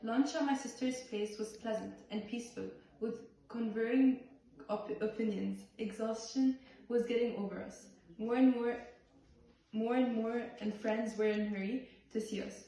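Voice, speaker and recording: A woman performing a play by reading the script aloud in a halting way, with restarts on some words. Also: fairly high pitch, steady tone, warm tone. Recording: far-off voice in a very echoey room.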